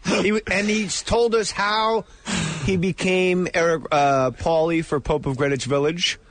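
A comedian guest in a radio studio, chatting casually and telling animated stories, quoting people in voices. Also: male voice, high voice, measured pace, no echo.

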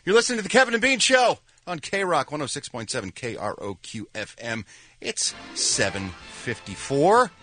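A man's voice: on the high side, sing-song, moderate pace, bright, forceful tone, faint music behind. A man hosting a morning radio show, teasing a guest with dry mock praise. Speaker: radio host.

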